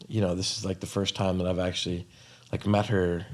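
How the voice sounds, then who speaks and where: A young adult man hosting a podcast, telling a story in a chatty, excitable way with lots of fillers. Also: low voice, a little fast. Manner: chatty and excitable, heavy use of "like" and "um". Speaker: podcast host. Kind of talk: casual storytelling chat.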